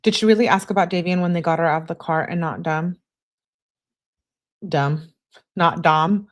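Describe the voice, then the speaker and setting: A young woman with a somewhat low voice reads text messages aloud for a true crime audience. She reads casually and keeps stopping to add blunt, scornful comments of her own. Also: fairly even intonation, moderate pace, highs cut off.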